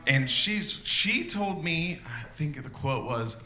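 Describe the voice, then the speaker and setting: A man's voice: fairly high pitch, expressive, music in the background. Man telling a comic story in a roomy hall. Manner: halting, full of fillers, acts out shouted quotes. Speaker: storytelling comedian. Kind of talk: live comedic storytelling.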